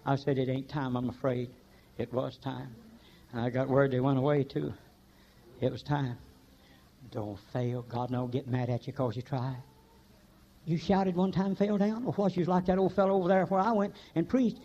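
An older man, preaching a folksy sermon full of stories, swinging between shouts and hushed talk. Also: mid-range voice, moderate pace, lo-fi sound. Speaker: pastor.

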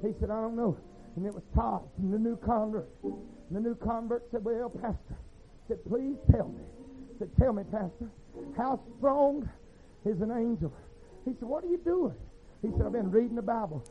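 A man preaching a sermon, telling stories in a rhythmic, folksy way that swings from hushed to shouting. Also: sits high, moderate pace. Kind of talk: sermon storytelling. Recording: tinny phone-like sound with faint music.

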